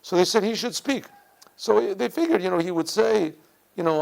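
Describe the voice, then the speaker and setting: A rabbi gives a Torah class in a yeshiva classroom, a man's gravelly voice sitting fairly high. He circles back on his own phrases and keeps clearing his throat as he explains. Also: fast, poor audio.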